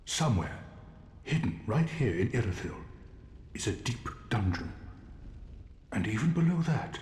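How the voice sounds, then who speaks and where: An actor playing a jovial, kindly knight with a hearty, theatrical manner in a game. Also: male voice, on the low side, very animated, unhurried, darkish tone. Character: jovial onion-armored male knight, hearty and kind. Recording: game audio in a roomy, echoing hall.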